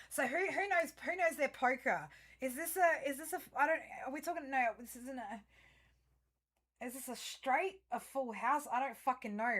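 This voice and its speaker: A woman giving a casual tarot and astrology reading, talking straight to her viewers in a rambling, profane, chatty way, full of fillers and restarts. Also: on the high side. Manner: chatty, self-interrupting, frequent fillers.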